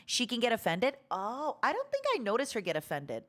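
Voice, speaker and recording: Woman, streamer, fairly high voice, rambling casual chat, many restarts, blunt tone. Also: fairly quick. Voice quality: animated, self-described harsh to-the-point tone. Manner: rambling with many restarts and fillers, sudden loud squeaky imitations.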